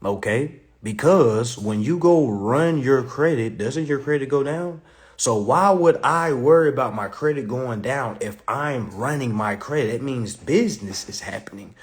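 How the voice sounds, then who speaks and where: A man's voice: medium pitch, unhurried. A man teaching credit and consumer law in a casual live class. He jokes, swears a lot and keeps calling out to his audience. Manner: profane, joking, animated, addresses the audience as y'all.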